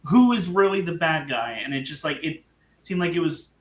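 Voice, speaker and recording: A man's voice: on the high side, expressive, moderate pace, echoey room. A man who is a guest in a casual podcast discussion, speaking hesitantly with many false starts.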